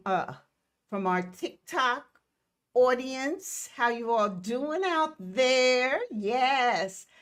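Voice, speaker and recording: An older woman hosts a live stream from Detroit, effusively welcoming viewers by name and sending them kisses. She speaks in an unhurried, drawn-out way with a voice pitched a little high. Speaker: host.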